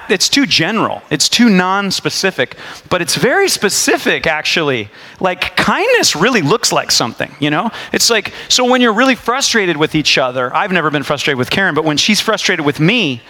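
A man's voice: high voice, bright, forceful tone. A man in his forties preaching a sermon in a conversational, storytelling way, with jokes, asides and frequent restarts. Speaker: pastor.

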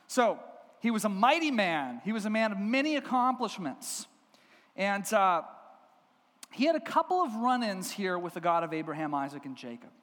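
A man, a pastor, preaching a sermon with lively, humorous storytelling in a church. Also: fairly high pitch. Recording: long hall reverb.

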